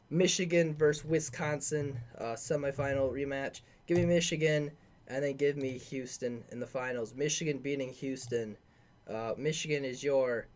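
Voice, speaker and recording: A man hosting a sports podcast, casually talking through bracket picks in an offhand, filler-heavy way as he thinks aloud. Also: on the high side.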